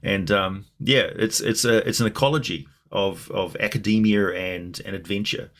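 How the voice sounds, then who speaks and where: A man who makes videos, chatting casually. He talks in a somewhat low voice and rambles thoughtfully, with plenty of fillers and restarts. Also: moderate pace, fairly bright tone. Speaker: video creator. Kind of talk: casual chat.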